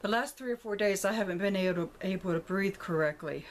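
A woman's voice: mid-range voice, fast talker, a little hiss or hum. A woman chatting to her camera at home as she shows a shopping haul, thinking aloud and rambling as she goes. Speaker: vlogger showing a shopping haul. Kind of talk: casual chat to camera. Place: indoors at home, room with a closet. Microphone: camera on a tripod.

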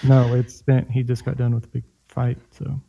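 A man's voice: mid-range voice, completely flat delivery, normal speed, vocal fry, mellow, muffled recording, a little hiss or hum. A man playing in a tabletop game who chats casually in a laid-back way. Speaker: player.

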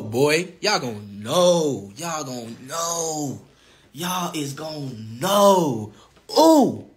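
Going live on his phone, a young boxer taunts his rivals brashly in a very high-pitched, slightly bright voice. He keeps repeating himself and breaks into laughter mid-sentence.

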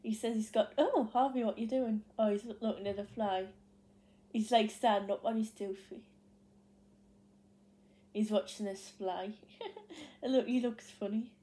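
A woman's voice: medium pitch, unhurried, pauses often, warm tone. A young woman with a Geordie accent telling a story to the camera in casual vlog chat, rambling with lots of fillers and restarts. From North East England. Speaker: vlogger.

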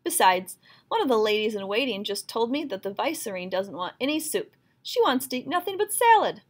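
A woman voicing a blustering male palace cook in a storybook reading, exclaiming loudly. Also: mid-range voice, animated, a little fast, lightly acted. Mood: exasperated. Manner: loud, exasperated exclaiming.

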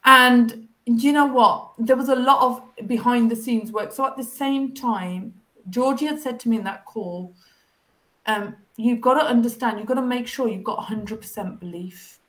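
A woman with a somewhat high voice shares her story as an interview guest. She keeps slipping into the voices of people from her past, animated and expressive. The sound comes over a video call. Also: normal speed. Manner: animated, acts out past conversations.

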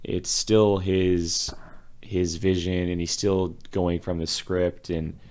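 低沉嗓音的男影评人，语气恼火. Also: male voice, low voice, flat delivery, slow, a little mellow. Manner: critical, exasperated, acts out quotes. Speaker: movie reviewer. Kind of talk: casual podcast chat.

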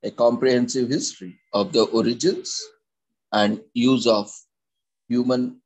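A man presenting an informative talk. He reads in a measured way, with hesitant fillers and restarts. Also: mid-range voice, husky, rough recording. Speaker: presenter of a daily topic segment.

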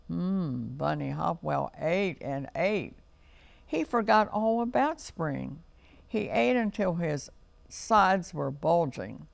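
A man reading a children's storybook aloud for a TV story time, in a slow, gentle read-aloud manner. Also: a little high, vocal fry, no room sound.

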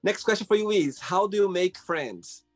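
A male host with a higher voice leads a casual interview over a video call, with faint music under it. He speaks encouragingly and laughs often. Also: animated, normal speed.

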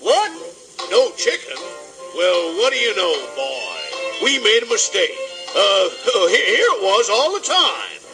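A booming, blustering rooster. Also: male voice, exaggerated voice. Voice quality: booming, repeats himself with "I say". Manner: drawling, self-satisfied, bossy. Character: blustering big southern rooster, boastful, folksy. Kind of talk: 1950s children's record acting. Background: music.

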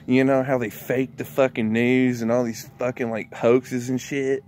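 A man's voice: medium pitch, level tone, moderate pace, darkish tone, a little hiss or hum. A man vlogging a casual rant, rambling and profane, often breaking into laughter.

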